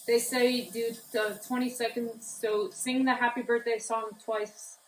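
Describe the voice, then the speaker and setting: A woman's voice: fairly high pitch, level tone, unhurried, slight background noise. Playful woman joking through a kitchen. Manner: joking, playful, mock-dramatic asides. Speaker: host. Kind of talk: casual comedic cooking chat.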